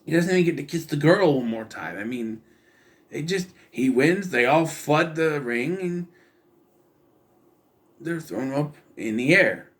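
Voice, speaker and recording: A man's voice: fairly high pitch, expressive, unhurried, long pauses. A young man casually reviewing a film, rambling and sarcastic, with incredulous asides. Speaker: movie reviewer.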